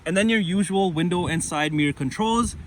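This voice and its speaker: A man's voice: high-pitched, fairly quick, a little hiss or hum. A man giving a casual, enthusiastic walkaround of a car, talking conversationally as he points out details outdoors and inside the vehicle. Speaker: car reviewer. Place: outdoors around a parked car, then inside it.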